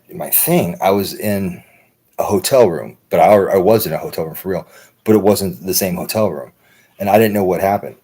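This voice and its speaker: A man's voice: sits low, a little mellow. An American man hosting a livestream, rambling loosely and swearing a lot, often checking in with "right?". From United States. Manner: loose, profane, repeats "right?". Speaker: livestream host. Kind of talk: rambling casual monologue.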